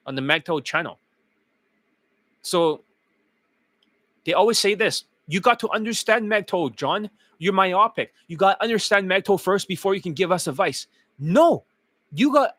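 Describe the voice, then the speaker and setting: A dating coach streaming live, lecturing bluntly and with heavy profanity, his voice getting hoarse. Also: a little high, bright, forceful tone, no echo. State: losing his voice. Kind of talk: livestream rant.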